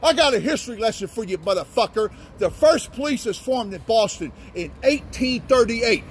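High-voiced man ranting from a car. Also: animated, normal speed. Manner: profane, shouting insults. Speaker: vlogger. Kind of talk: angry rant at police from a car. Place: in a car driving by.

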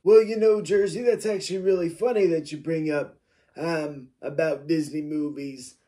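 A man impersonating a smug older male football executive, with a raspy, smoke-worn voice and slow, boastful rambling. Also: a little high, steady tone, dark tone, natural voice. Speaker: mock interview guest.

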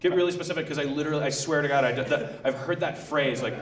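A man's voice: fairly high pitch, fast. A man hosting a podcast before a live audience, rambling with many restarts and laughing asides. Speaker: podcast host. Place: live theater stage. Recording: echoey live room, mic at a distance.

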